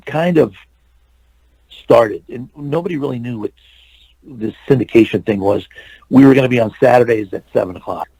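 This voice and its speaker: An older man, an actor and stuntman, telling lively anecdotes as a guest in an interview. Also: mid-range voice, dry recording, low-quality recording. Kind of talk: storytelling interview.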